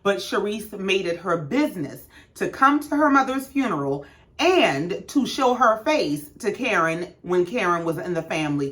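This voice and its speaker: Animated sassy woman recapping reality TV. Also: fairly low pitch. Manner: sassy, animated, acts out quotes in raised voices. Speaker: recap host.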